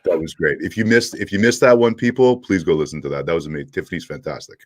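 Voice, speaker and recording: A middle-aged man with a French Canadian accent, a guest telling a story in an animated way. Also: low voice, fast talker, no echo. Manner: animated storyteller who acts out quoted dialogue. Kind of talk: casual storytelling in an interview.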